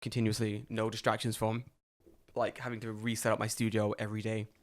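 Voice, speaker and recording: A man co-hosting a podcast in casual chat, telling animated stories and swearing freely. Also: fairly low pitch, a little fast. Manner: animated storytelling, heavy swearing. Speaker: podcast co-host.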